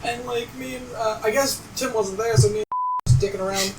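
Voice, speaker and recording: A young man on a casual podcast, telling stories in an animated way, swearing freely and acting out the voices of people in them. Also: high voice, a little fast, far from the mic, a loud crowd. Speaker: podcast co-host. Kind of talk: casual storytelling chat. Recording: echoey room, off-mic, noisy.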